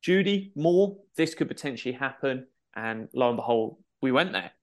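A man co-hosting a podcast, talking casually with relaxed, stumbling restarts. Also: medium pitch, moderate pace. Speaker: podcast co-host.

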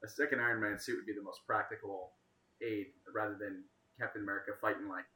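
A man with a slightly low voice chats casually and teases his friends. His voice rings with a roomy echo. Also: fairly even intonation, fast talker, sharp tone, recorded from a distance. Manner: teasing, joking. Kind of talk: casual chat. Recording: echoey room.

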